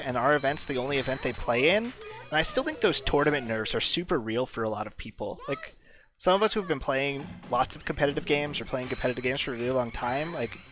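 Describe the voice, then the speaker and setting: A man's voice: fairly high pitch, fairly bright tone. Male co-caster, casual and explanatory, faint music underneath. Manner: chatty, explanatory, filler-heavy. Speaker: commentator. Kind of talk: casual esports commentary.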